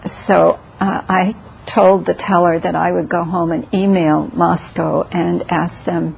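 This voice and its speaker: A woman's voice: on the low side, little pitch movement, slow, gravelly, darkish tone, husky. A woman meditation teacher talking casually in a dharma talk, hesitant, with many ums and restarts. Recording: lo-fi recording.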